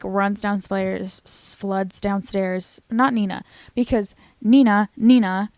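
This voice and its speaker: A young woman talks through a teen show recap with chatty, animated energy and the odd curse. Her voice sits at an ordinary middle pitch. The sound is dry and close, with no room around it. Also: dry recording. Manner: chatty, animated, swears casually. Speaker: recap vlogger. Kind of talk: casual TV recap commentary.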